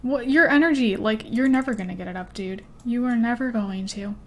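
Speaking a bit fast in a slightly high voice, a young female gaming YouTuber narrates her life-sim playthrough. The talk is loose and giggly, full of distractions, with stories folded into the let's-play chatter.

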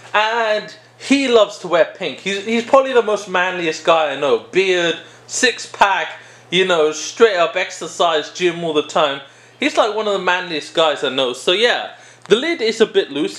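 Animated joking man reviewing perfume. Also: high-pitched. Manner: joking, rambling, self-interrupting. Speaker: video host reviewing a perfume. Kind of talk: casual product review vlog.

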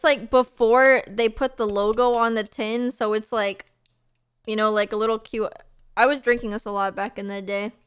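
Young woman streamer, high and smooth, gushing casual chat. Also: fairly bright tone. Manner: bubbly, gushing, many fillers and laughs. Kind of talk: casual chat reading messages.

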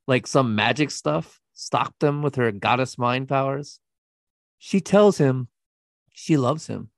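A man's voice: mid-range voice, a little slow, gravelly, no room sound, studio quality. A man co-hosting a podcast, telling a true-crime story in a blunt, profane, scornful way. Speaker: podcast co-host.

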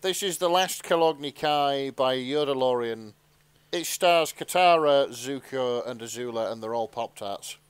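A man's voice: mid-range voice, measured pace, clean tone, no room sound. A man co-hosting a podcast, amused in casual chat and reading a fan story aloud. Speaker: podcast co-host.

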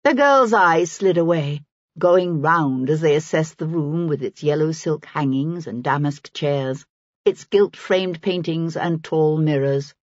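A woman reading a historical novel aloud as an audiobook narrator, in a measured storytelling manner. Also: sits low, no echo, lo-fi sound. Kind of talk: scripted narration.

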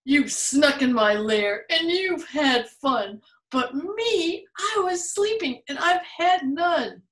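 A woman's voice: high-pitched, animated, slow, fairly bright tone, reverberant, distant mic, pitched above the performer's own voice, exaggerated voice. A woman voicing a big grumpy male bear who sulks and whines in a storybook reading. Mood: sulky. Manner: whining, complaining.

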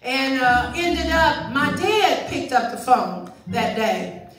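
A woman giving a testimony in church in a sing-song preaching cadence that breaks into shouts. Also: sits high, sing-song, slow pace. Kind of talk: sermon testimony. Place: church sanctuary.

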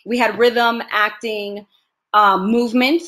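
A woman from the United States, an actress and interview guest, telling lively stories in a casual chat and laughing often. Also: a little high, slow pace.

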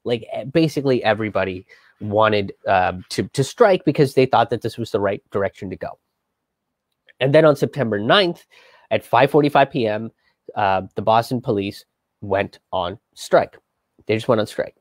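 A man's voice: on the low side, lively intonation, normal speed, no room sound. Guy rambling through a history story on a live stream, ums and restarts everywhere, dry sound. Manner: loose, chatty, many fillers and restarts, swears, acts out quotes. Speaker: host of a history and politics show.

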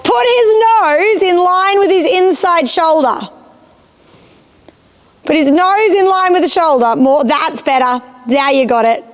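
A woman's voice: very high voice, expressive, a little slow. A woman instructing a rider in a riding arena, encouraging and often checking that she understands. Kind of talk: live coaching of a rider.

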